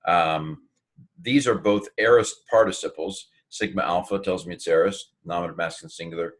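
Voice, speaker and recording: Halting low-voiced male teacher. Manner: halting, full of fillers and restarts, thinks aloud. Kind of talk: informal Greek lesson.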